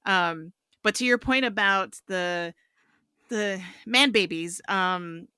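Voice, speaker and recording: A young woman in a casual film review discussion, animated and quick to act out characters in quotes. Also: medium pitch, clear, resonant tone, dry recording. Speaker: film review podcast panelist.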